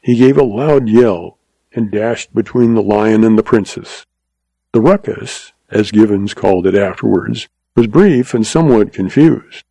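A man reading a story aloud in measured, scripted narration. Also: fairly low pitch, gravelly, dark tone, slightly rough, no room sound, poor audio. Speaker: audiobook narrator.

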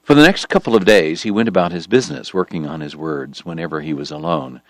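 A man reading a story aloud in a measured storytelling manner, voicing the characters. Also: low voice, dry recording, clean studio sound. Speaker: audiobook narrator. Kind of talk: scripted narration.

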